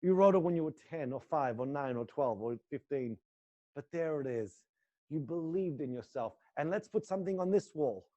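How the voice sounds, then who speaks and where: A man's voice: fairly high pitch, animated, moderate pace, mellow, lo-fi sound. A middle-aged man teaching acting, leading a guided exercise in a live class with an intense, coaxing manner and free swearing.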